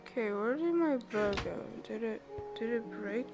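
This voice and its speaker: A woman's voice: fairly high pitch, expressive, normal speed. A young woman giving casual, chatty commentary while playing a video game, thinking aloud and bursting into laughs and squeals. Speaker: gamer. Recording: game music behind the voice.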